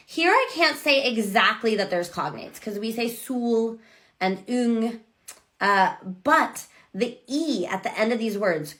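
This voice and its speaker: A woman's voice: on the high side, lively intonation, takes it slowly, fairly bright tone. An American woman professor talking casually to camera, enthusiastically explaining step by step. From United States. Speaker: literature professor. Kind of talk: casual educational talk to camera.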